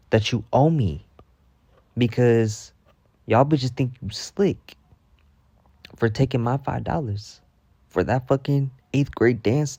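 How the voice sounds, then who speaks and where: A man's voice: mid-range voice, no echo. A man telling a storytime vlog, venting heatedly with lots of swearing. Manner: heated, profane, animated venting. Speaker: storytime vlogger. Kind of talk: ranting storytime monologue.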